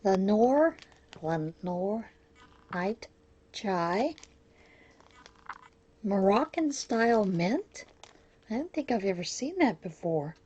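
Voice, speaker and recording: Brief: chatty female crafting vlogger, mellow warm tone, effusive unboxing talk. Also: mid-range voice, sing-song, slow pace, pauses often, breathy edge, dull audio. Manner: chatty, gushing over each item. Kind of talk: casual unboxing chat.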